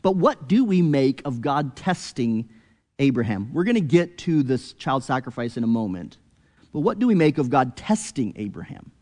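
A man preaching an expository sermon, earnest, rising to emphatic peaks and then dropping low and quiet. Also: sing-song, normal speed, in a large hall.

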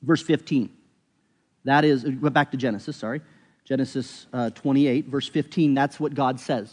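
A man's voice: mid-range voice, fairly even intonation, moderate pace, a little mellow. Earnest man preaching in a reverberant hall. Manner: earnest, explanatory, self-correcting. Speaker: pastor. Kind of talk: sermon.

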